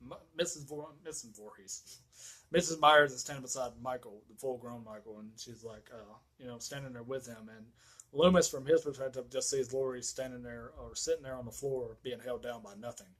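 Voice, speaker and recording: A man's voice: medium pitch, fairly quick, a bit bright, low-quality recording. A man ranting through a casual film recap, rambling with lots of fillers and heavy swearing. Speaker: movie reviewer.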